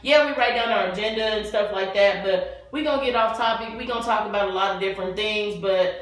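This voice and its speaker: A woman's voice: mid-range voice, fast talker, recorded from a distance. Woman, podcast co-host, casual slangy chat, very echoey room, off-mic. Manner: animated, slangy storytelling with laughs. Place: room with friends at a bar setup.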